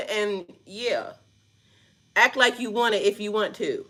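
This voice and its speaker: A woman giving casual, profane reaction commentary on a news clip, laughing often and talking in a loud, playful way. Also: mid-range voice, a little slow, long pauses.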